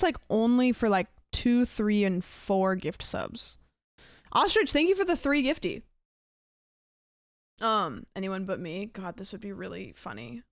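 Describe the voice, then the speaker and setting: A woman's voice: medium pitch, dry recording, clean studio sound. A young woman streamer chatting casually and rambling with her live viewers, thanking them for gifts.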